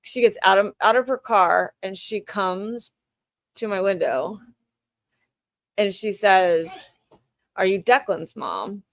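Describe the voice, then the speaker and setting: A woman's voice: medium pitch, slow, pauses often, no echo, low-quality recording. A woman in her thirties hosting a livestream, telling a rambling everyday anecdote in casual chat and acting out the back-and-forth dialogue. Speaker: livestream host.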